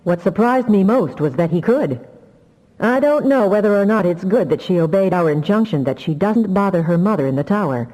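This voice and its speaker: A woman reading an audiobook, voicing a sincere, brisk male telepath who answers promptly. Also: mid-range voice, animated, dark tone, long reverb tail, natural voice, rough recording. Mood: earnest. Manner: prompt, grim when pressed. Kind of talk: audiobook character voice.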